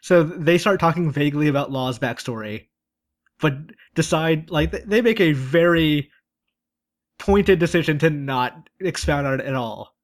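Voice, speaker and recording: A man's voice: a little high, a little slow. Easygoing man recapping casually. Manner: relaxed, joking, loose storytelling. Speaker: podcast co-host. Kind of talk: casual chat recapping an anime.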